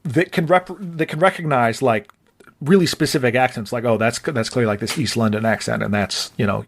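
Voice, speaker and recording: A man's voice: medium pitch, fairly quick, creaky. A man co-hosting a podcast in casual chat, rambling and thinking aloud with restarts. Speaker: podcast co-host.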